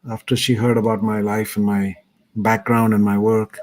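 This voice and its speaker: A man's voice: on the low side, level tone, normal speed, darkish tone. A middle-aged man, thoughtfully telling a personal story as a guest speaker on a video call. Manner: earnest, thoughtful. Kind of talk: reflective personal storytelling talk.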